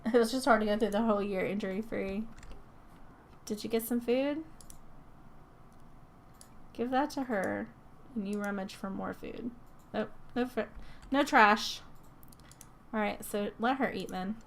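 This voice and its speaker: A woman's voice: medium pitch, unhurried, gravelly, long pauses, slight background noise. A woman hosting her gaming channel, giving casual let's-play commentary, chatty and prone to laughing as she coaxes her game characters along.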